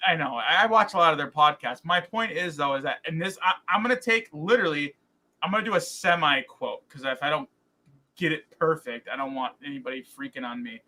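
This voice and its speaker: A man co-hosting a podcast in casual chat, rambling and animated, with many fillers and restarts. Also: a little high, brisk. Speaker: podcast co-host.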